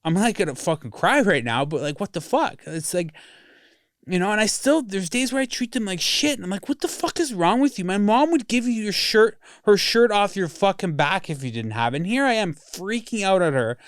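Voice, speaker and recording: A man's voice: high-pitched, big pitch swings, moderate pace, dry recording, studio quality. A man in his thirties talking candidly in a casual podcast conversation, rambling and swearing often.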